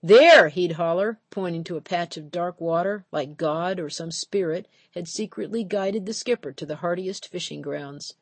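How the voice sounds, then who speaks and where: A woman narrating an audiobook in a measured, steady storytelling voice. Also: lowish voice, no echo. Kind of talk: scripted narration.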